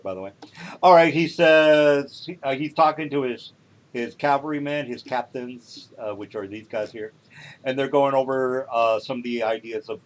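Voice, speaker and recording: A man's voice: medium pitch, a little hiss or hum. A man acting as game master in a tabletop role-playing session. His voice sits in a middle register, and he talks casually with frequent fillers and restarts. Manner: casual, halting, many fillers. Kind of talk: running a tabletop game over voice chat.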